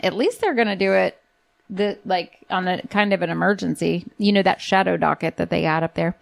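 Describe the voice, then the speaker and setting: A woman's voice: lowish voice, fairly quick, creaky. A woman hosting a podcast in casual chat, blunt and chatty, full of fillers and restarts, sarcastic about politicians. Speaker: podcast host.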